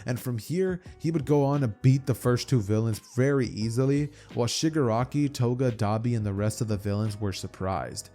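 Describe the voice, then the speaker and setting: A man's voice: medium pitch, normal speed, hardly any pauses, warm tone, soft background music. A man telling an imagined fan story in a loose, run-on way, often restarting his phrases. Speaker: narrator. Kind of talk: casual fan-fiction storytelling.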